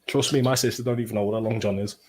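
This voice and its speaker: A young man hosting a football watchalong livestream, bantering and swearing as he reads out chat comments, with bursts of excited play-by-play. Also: fairly low pitch, racing. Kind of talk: casual livestream chat and match reaction.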